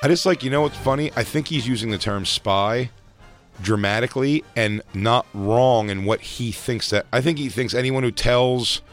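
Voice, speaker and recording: A man's voice: medium pitch, normal speed, faint music behind. A man co-hosting a podcast in casual comedic banter, joking, swearing and acting out quoted voices. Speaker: podcast co-host.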